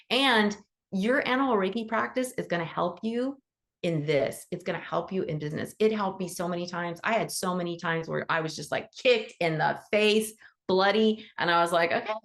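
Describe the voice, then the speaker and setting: Chatty woman with a creaky voice. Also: mid-range voice. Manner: chatty and animated, acts out quoted dialogue; motivational, affirming. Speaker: animal Reiki teacher hosting a support call. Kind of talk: casual encouraging talk on a group call.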